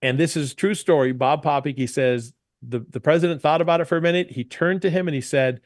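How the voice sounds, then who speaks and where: A man's voice: a little high, brisk, hardly any pauses, no room sound, studio quality. A man who owns an entertainment company, chatting in an interview and giving business tips. He tells stories with energy and acts out the quotes. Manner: animated storyteller, emphatic, acts out quotes. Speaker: DJ entertainment company owner, guest.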